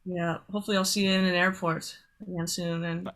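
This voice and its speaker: A woman's voice: fairly low pitch, level tone, a little fast, fairly bright tone. A woman guest, a singer-songwriter, chatting casually and easily over a video call, sometimes apologetic. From Canada. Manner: chatty, apologetic, laid-back.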